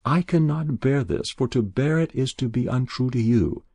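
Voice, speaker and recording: A man's voice: mid-range voice, normal speed, dark tone, dry recording, pitched above the performer's own voice, natural voice. Man reading an earnest devoted young woman. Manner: earnest, tender. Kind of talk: audiobook character voice.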